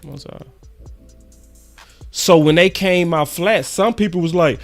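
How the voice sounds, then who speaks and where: A man's voice: fairly high pitch, measured pace, long pauses, faint music behind. A man hosting his own sports channel, delivering a slangy, emphatic fan monologue that repeats its points for weight. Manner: emphatic and repetitive, slangy and preachy. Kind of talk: fired-up fan commentary monologue.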